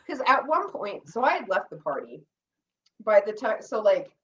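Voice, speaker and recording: Animated storytelling woman, lively voice. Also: mid-range voice, normal speed, distant mic, a little hiss or hum, rough recording. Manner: animated storytelling, quoting herself and others, frequent swearing. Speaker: podcast co-host recounting reality show experience. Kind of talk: casual chat.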